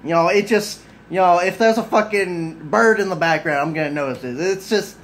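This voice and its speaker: A man's voice: high voice, normal speed, fairly bright tone, poor audio. A man rambling through a casual vlog at home right after waking up. He swears freely, keeps sidetracking himself and leans on "like" and "you know". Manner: rambling, loose and profane, full of "like" and "you know"; self-mocking and easily sidetracked. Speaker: vlogger. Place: at home at his desk, just woken up. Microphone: camera mic off to the side.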